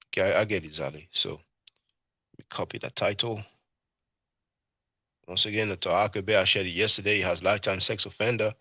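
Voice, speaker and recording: A man hosting a livestream, commenting casually and talking in a halting way with many fillers and restarts. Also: fairly low pitch, vocal fry, sharp tone, no room sound, muffled recording. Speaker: livestream host.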